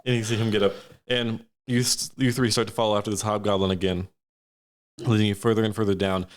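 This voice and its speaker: A low-voiced man runs a tabletop fantasy game as game master. He narrates scenes at length, often circling back and restarting his sentences as he describes them. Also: level tone, quick pace. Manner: descriptive, many fillers and restarts.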